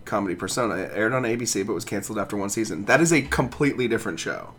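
A man's voice: fairly low pitch, animated, racing, a bit bright, slight background noise. A man co-hosting a podcast, delivering dry, contrarian one-liners in casual chat. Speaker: podcast co-host.

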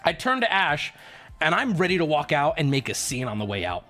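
Animated, ranting man with a high voice. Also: brisk, faint music behind. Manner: animated, profane, indignant. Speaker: livestreamer. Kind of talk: ranting storytelling to chat.

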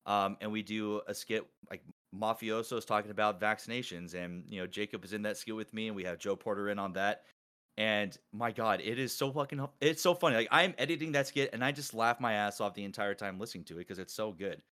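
A man hosting a casual group call, talking excitedly and rambling with many restarts. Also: on the low side, brisk. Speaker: podcast host and collab organizer.

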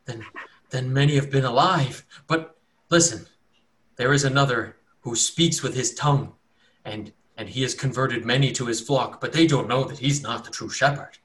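A man's voice: medium pitch, moderate pace, a bit bright, natural voice. A man voicing a raving, unwashed male cultist hermit who pleads frantically to be cleansed. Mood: pleading.

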